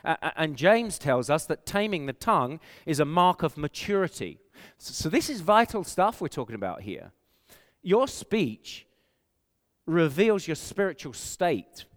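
A man's voice: a little high, very animated, unhurried, big-room sound. A man with an English accent, preaching a sermon as a pastor, earnest and emphatic, posing rhetorical questions to the congregation. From England.

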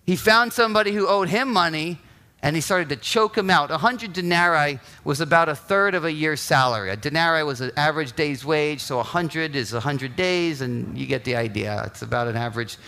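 A male pastor delivering a sermon, telling the story in an animated way, acting out quotes and often checking in with "right?". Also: fairly high pitch, a little fast.

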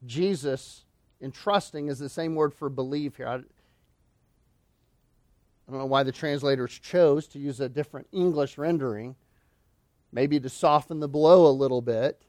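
A man's voice: medium pitch, normal speed, long pauses, a little mellow, dry recording, clean studio sound. A male pastor preaching an expository sermon, emphatic and full of rhetorical questions.

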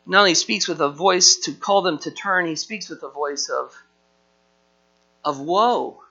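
A man's voice: a little high, measured pace, creaky, pushed and bright. A male pastor preaching a sermon in an emphatic style, his force rising and falling. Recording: dull lo-fi recording with mains hum.

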